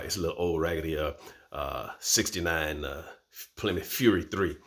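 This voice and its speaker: A man's voice: low-pitched, normal speed. A man, telling a personal story as host and acting out voices. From Florida, USA. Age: 50s. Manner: animated, acts out voices.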